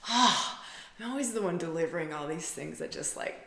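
A woman's voice: on the low side, lively intonation, brisk, gravelly, pushed and bright, roomy sound. A woman who works as a spiritual facilitator, talking in a rambling, intimate way and repeating words for emphasis. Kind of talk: casual monologue.

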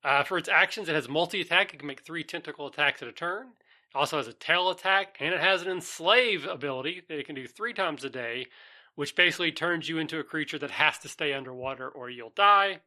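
A man's voice: fairly high pitch, fast, pushed and bright. A man hosting a casual tabletop gaming podcast, chatting and reading out monster stats. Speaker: podcast host.

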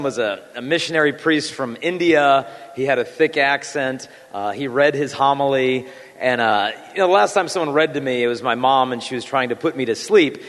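A man in his thirties leads a prayer, then speaks to the congregation in a relaxed, conversational way. He pokes fun at himself, and his sentences are full of fillers and restarts. His voice carries a long reverb, as if it is filling a large church. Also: medium pitch. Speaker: Catholic speaker.

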